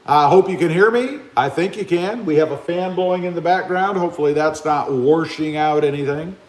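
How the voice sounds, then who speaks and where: A man's voice: a little high, fairly quick, darkish tone, echoey room. A man hosting a casual livestream from his garage, chatting easily and greeting viewers by name over a phone mic. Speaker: livestream host. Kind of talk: casual live chat reading comments. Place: open garage with a fan running. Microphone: cell phone camera.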